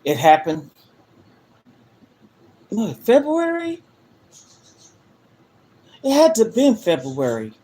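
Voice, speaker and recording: Older woman, earnest, emphatic, frank, livestream from living room, phone mic, mid pitch. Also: huge pitch swings, slow, pauses often, warm tone. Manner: earnest, emphatic, talks straight to viewers. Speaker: livestream host. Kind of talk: emotional livestream monologue.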